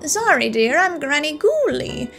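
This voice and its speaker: A doting, sweetly creepy old granny in a spooky game, voiced by a woman with a high pitch. She talks gently, as if fondly remembering a grandchild. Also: very animated, a little slow, gravelly, over music, heavily acted.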